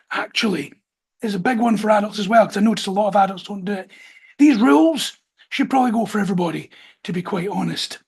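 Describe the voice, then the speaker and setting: Male podcast host, husky, direct and firm, casual advice delivery. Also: sits high. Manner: direct, firm instructions with stretched-out emphasis. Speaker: podcast host, dog trainer.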